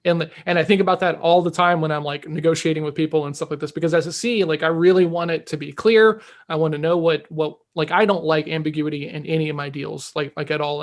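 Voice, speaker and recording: A man co-hosting a sales podcast, telling stories and acting out what people said. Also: on the high side. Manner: animated, acts out quoted dialogue. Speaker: podcast co-host. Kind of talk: casual storytelling.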